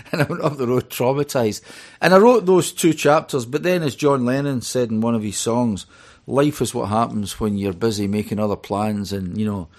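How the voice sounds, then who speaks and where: A man's voice: medium pitch, normal speed, a little mellow. A middle-aged Scottish man, a guest in an interview, telling rambling stories full of fillers. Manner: chatty storyteller, rambling with many fillers. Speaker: author and DJ guest. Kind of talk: radio interview.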